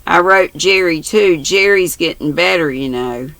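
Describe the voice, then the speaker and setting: A grandmother voicing an earnest, shy and blunt little boy who talks gravely in a storybook reading. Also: lowish voice, unhurried, fairly bright tone, dry recording.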